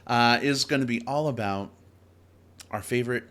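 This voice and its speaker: A man's voice: medium pitch, moderate pace, a bit bright. A man hosting a casual movie podcast, upbeat and chatty with frequent filler sounds. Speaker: podcast host.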